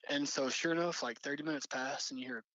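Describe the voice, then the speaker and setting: Young male storyteller, mid-pitched, loose and rambling, dull dry recording. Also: fast, a bit bright, no room sound. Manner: rambling, many fillers and restarts. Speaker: storyteller recounting an encounter. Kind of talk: casual spoken storytelling.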